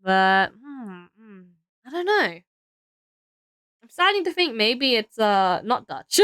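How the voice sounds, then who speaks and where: Bright, lively young woman streamer. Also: a little high, slow, long pauses, smooth, dry recording. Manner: rambling, unsure and self-correcting; chats with viewers while building a kit. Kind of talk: casual live-stream chat.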